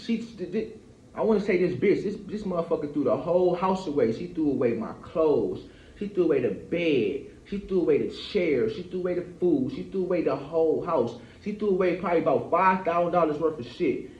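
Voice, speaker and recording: A man in his thirties with a fairly high voice rambles through a profane, heated monologue. He keeps checking in with his listener as he talks. His voice carries a roomy echo on a dull, lo-fi recording. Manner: rambling, profane, keeps asking "you feel me". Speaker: vlogger. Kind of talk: casual venting monologue. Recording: echoey dull lo-fi room.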